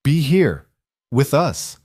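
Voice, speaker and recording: A man doing a calm, tired young dad. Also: mid-range voice, takes it slowly, husky, no room sound, studio quality, voice pushed up, exaggerated voice. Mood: reassuring. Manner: calm, steady, gently firm. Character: patient young single dad, worn out. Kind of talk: storybook dialogue.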